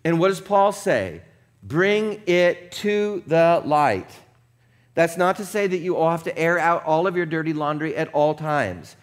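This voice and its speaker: A man preaching a conversational sermon, casual and chatty, often checking in with the congregation and dropping low and quiet for earnest points. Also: expressive, a little slow. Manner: casual and chatty, with frequent "like" and "right?". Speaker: pastor.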